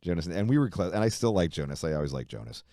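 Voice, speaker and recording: Deep-voiced man swearing through a story. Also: rapid-fire, no room sound, studio quality. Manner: profane, animated retelling with frequent fillers. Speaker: musician guest. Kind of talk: casual storytelling interview.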